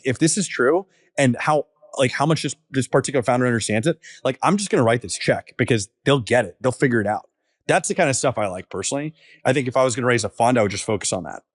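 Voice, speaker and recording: A man in his thirties, a startup founder, talking casually on a podcast with lots of fillers and quick asides. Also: mid-range voice, animated, no echo, studio quality. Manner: casual, filler-heavy storytelling.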